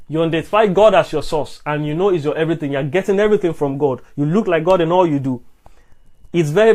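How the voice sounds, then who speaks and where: A man's voice: on the high side, darkish tone. A man preaching about love and manhood to an online audience, asking emphatic rhetorical questions and often restarting and repeating his words. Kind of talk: live-streamed sermon answering comments.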